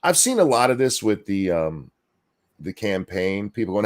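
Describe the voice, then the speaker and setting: A man's voice: on the low side, very animated, normal speed. A man co-hosting a casual political chat stream, ranting with profanity and sarcasm and reading chat comments aloud. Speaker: co-host.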